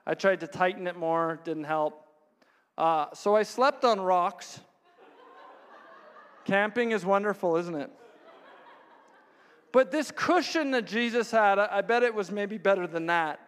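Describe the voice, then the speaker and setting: A man's voice: high voice, unhurried, long pauses, a bit bright, clear, resonant tone. A man preaching a sermon, telling stories with frequent chuckles and acting out the voices of others. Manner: storytelling, chuckles often, plays out voices of others. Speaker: pastor. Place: church hall. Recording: long hall reverb.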